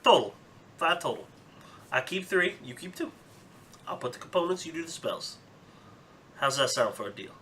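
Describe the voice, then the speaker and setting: A man's voice: a little high, very animated, normal speed, pauses often, bright, forceful tone, voice pushed up. A man voicing a folksy Southern shopkeeper who greets customers heartily and muses over a deal. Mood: bargaining. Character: folksy Southern male shopkeeper, friendly merchant.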